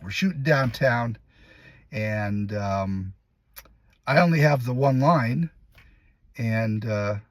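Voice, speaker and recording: A man who acts in commercials, casually telling a lively behind-the-scenes story and acting out what others said. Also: mid-range voice, slow, pauses often, no echo. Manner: lively, laughs while telling, acts out other people's lines. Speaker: commercial actor.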